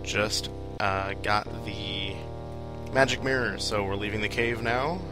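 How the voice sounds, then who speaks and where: Joking, rambling let's play host. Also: male voice, on the low side, slow, over music, poor audio. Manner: rambling, joking, self-deprecating asides. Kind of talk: casual gameplay commentary.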